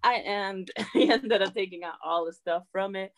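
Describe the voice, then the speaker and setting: A young woman as an interview guest, chatting in a lively way, acting out quotes and saying "like" a lot. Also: medium pitch, normal speed, poor audio. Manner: chatty, animated, acts out quotes, says "like" often. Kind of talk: casual storytelling.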